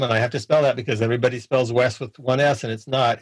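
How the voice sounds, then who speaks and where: A friendly man talks as a podcast guest on a remote call. His voice sits at an ordinary middle pitch and sounds close and dry, with no room around it. He often stumbles and restarts his sentences. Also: dry recording, rough recording. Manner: friendly, halting with many restarts. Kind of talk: casual interview chat.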